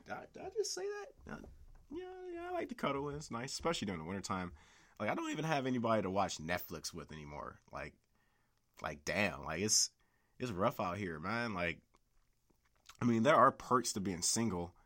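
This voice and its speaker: A man's voice: on the low side, big pitch swings, brisk, pushed and bright. A young man hosting a solo podcast, rambling and swearing a lot, with constant filler words. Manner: rambling, profane, heavy use of "like". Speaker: podcast host. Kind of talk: casual solo podcast rant.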